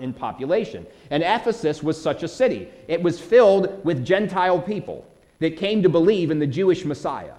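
A man's voice: on the high side, darkish tone. A man preaching a sermon, earnest and emphatic, explaining scripture verse by verse and answering questions he imagines his listeners asking.

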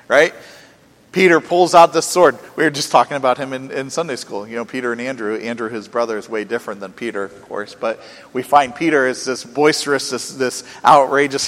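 A man preaching a sermon earnestly, asking rhetorical questions and swinging between soft and emphatic delivery. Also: mid-range voice. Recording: long reverb from a hall.

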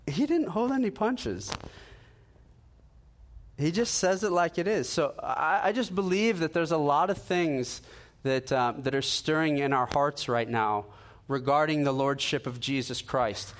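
A man preaching a sermon in an earnest, conversational way, acting out the dialogue in his personal stories. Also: on the high side. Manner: animated storytelling, acting out dialogue.

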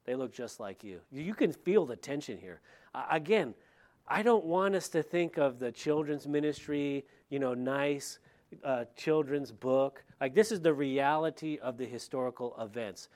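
A man, a middle-aged pastor, preaching a verse-by-verse sermon in a conversational way, with lively retelling and asides to the congregation. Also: a little high, unhurried. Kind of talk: expository sermon.

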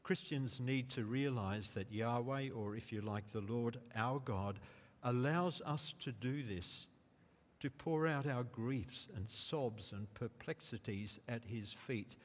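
A man preaching a sermon in a slow, deliberate way, rising to emphatic quotes. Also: mid-range voice. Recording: long reverb of a large hall.

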